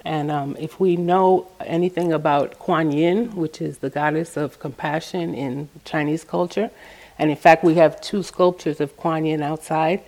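A middle-aged woman giving a meditation talk, telling stories from her work in a gentle, storytelling way. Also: low-pitched, steady tone, a little slow. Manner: gentle, storytelling, acts out quoted voices. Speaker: meditation teacher. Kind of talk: dharma talk with personal stories.

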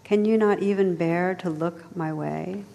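A woman voicing a gentle, dignified enchanted noblewoman in a low, soft voice. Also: fairly even intonation, measured pace, gravelly, big-room sound. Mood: tender.

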